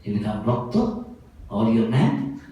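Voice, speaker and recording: A monk giving a sermon, telling a story in a lively, animated way and often breaking into laughter. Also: male voice, on the low side, measured pace, slight background noise. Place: festival hall. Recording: very echoey hall, voice from far off.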